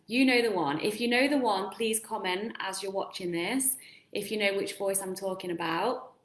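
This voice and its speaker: A woman's voice: mid-range voice, normal speed. A woman coaching viewers in a casual live-stream talk, earnest and encouraging, asking them lots of questions. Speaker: self-help coach. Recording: roomy echo.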